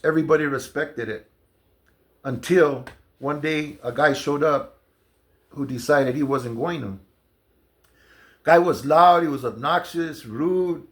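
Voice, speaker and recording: A man's voice: on the high side, measured pace, long pauses. A man casually telling a long personal story, loose and conversational with lots of fillers and restarts. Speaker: storyteller recounting jail experiences.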